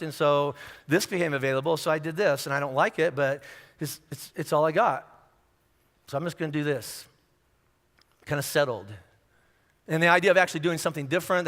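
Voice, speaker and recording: A man's voice: on the high side, fairly bright tone. A man preaching a sermon in a conversational, humorous way, acting out little scenes as he talks. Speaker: pastor. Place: large church hall. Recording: echoey church hall.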